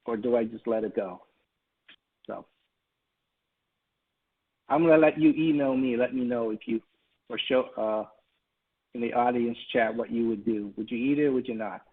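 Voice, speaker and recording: A man's voice: medium pitch, husky. A man giving a webinar talk, telling a personal story in a folksy way with many fillers. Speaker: presenter. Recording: tinny phone-line sound.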